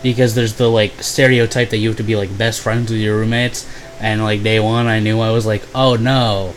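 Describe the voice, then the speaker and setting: A young man casually telling a profane, sarcastic story about old roommates, mocking them in quick voices. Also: on the low side, flat delivery, slight background noise, poor audio. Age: young adult. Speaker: vlogger.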